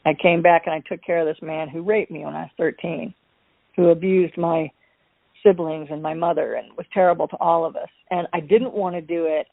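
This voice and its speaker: A woman guest in an interview, telling her personal story in an animated, wry way and acting out the voices of people in it. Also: sits low, fairly quick, creaky, no room sound. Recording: dry, tinny phone-line sound.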